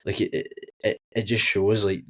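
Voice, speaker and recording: A man's voice: on the low side, fairly even intonation, moderate pace, fairly bright tone. A teenage man from Scotland, a guest musician in a casual podcast chat, rambling and full of filler words. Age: teens.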